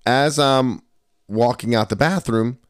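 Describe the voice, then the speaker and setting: Animated, profane man telling a story. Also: mid-range voice, slow pace, clean tone, no room sound, clean studio sound. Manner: animated, profane storyteller who acts out quotes. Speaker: podcast host. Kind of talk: casual storytelling.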